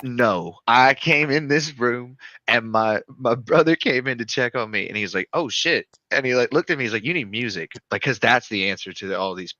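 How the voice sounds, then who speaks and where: Man, casual emphatic storyteller, bright tone, dry sound. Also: medium pitch, normal speed, no room sound, muffled recording. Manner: loose, emphatic, swearing.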